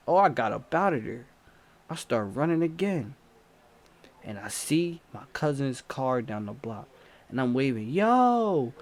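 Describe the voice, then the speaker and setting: A man telling a story in casual storytime narration, animated, with loud yells and sound effects. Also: medium pitch. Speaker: storyteller, channel host.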